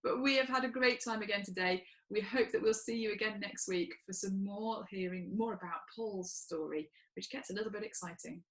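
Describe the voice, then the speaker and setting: A woman leading an online children's church session, talking gently and playfully to small children while doing crafts and telling a story. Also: mid-range voice, fairly quick, hardly any pauses, rough recording. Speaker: children's church group leader.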